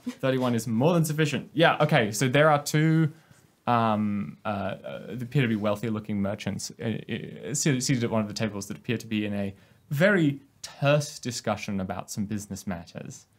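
A man narrating a tabletop heist game as game master, halting often with fillers and restarts. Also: mid-range voice.

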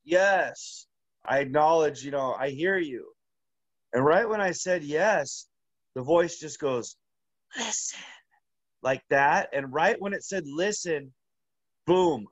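A man with a fairly high voice tells a long story in a loose, rambling way, stopping and restarting often. The sound is dry and dull, as if recorded close up on modest gear. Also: dry recording. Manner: rambling, halting, full of "like" and restarts. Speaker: interview guest. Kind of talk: casual storytelling.

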